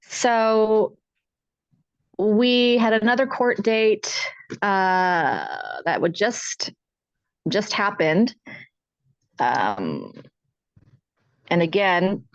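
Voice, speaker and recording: A woman's voice: mid-range voice, animated, very slow, pauses often, no room sound. A middle-aged woman telling her own story as a panel guest, earnest and distressed as she recounts details. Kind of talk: personal account on a podcast panel. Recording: dull lo-fi dry sound.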